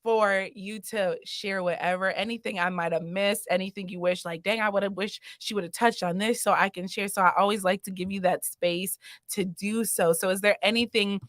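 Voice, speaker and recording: A woman's voice: medium pitch, fairly even intonation, normal speed, fairly bright tone, no echo. A woman hosting a live-stream interview, effusive and emotional, reading viewer comments aloud. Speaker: podcast host.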